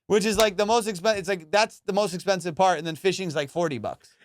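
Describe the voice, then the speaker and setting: A man's voice: high voice, fast talker, a little hiss or hum. A man hosting a podcast, telling a casual, profane comedic story and acting out the people in it. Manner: profane, animated, acts out voices in his stories. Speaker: podcast host.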